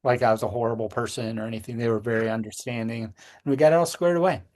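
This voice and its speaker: A middle-aged man tells a personal story on a podcast in an earnest, halting way, often stopping to restart his sentences. His voice sits at an ordinary middle pitch. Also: fairly even intonation, darkish tone. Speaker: podcast co-host. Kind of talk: personal storytelling in casual chat.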